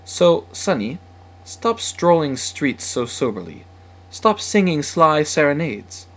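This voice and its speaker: A man voicing a gentle, sympathetic mother who speaks softly and coaxingly. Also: big pitch swings, slow pace, exaggerated voice. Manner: soft, coaxing, higher voice.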